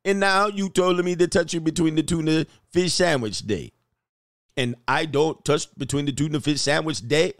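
A man's voice: on the high side, normal speed, dry recording, studio quality, close to an everyday voice. A man voicing a boastful male doctor who also drives for a rideshare company, in a clumsy put-on South African accent and a comic singsong way that tacks "day" onto his sentences. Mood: indignant.

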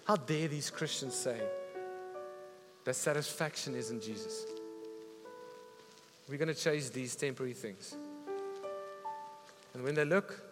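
A man preaching a sermon, retelling a story with animated, emphatic delivery. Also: mid-range voice, measured pace, long pauses. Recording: reverberant hall with faint music.

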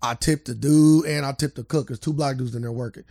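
A man co-hosting a podcast in casual chat, telling animated stories with lots of swearing and acted-out quotes. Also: medium pitch, fairly quick, creaky, no room sound, studio quality. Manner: animated storytelling, acts out quotes, swears freely. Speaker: podcast co-host.

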